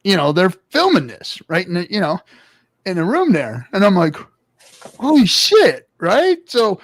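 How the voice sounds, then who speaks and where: Gravelly man telling a wild story. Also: high voice, moderate pace, dry recording. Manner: animated, loud quoted voices, swears often. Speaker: podcast co-host. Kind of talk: casual storytelling chat.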